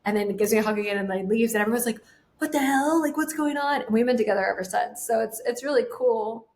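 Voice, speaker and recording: Brief: woman in her twenties, quick and a bit high, lively guest storyteller. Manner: animated, acts out quotes, laughs often. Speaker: guest, sales trainer. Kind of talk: casual storytelling.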